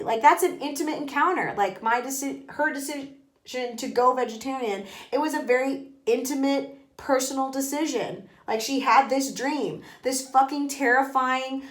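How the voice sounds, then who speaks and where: Emphatic, swearing woman in an echoey bathroom. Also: fairly high pitch. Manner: rambling, emphatic, swears freely. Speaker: podcast host. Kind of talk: casual book talk. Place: bathroom, in a bathtub.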